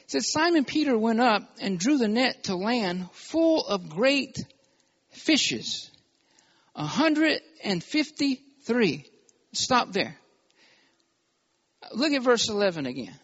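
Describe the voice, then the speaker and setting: A man preaching a sermon in a very high voice, pressing each point with emphasis. He keeps calling for amens from the congregation. The recording sounds dull and lo-fi. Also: very animated, slow pace, pauses often, fairly bright tone. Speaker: pastor.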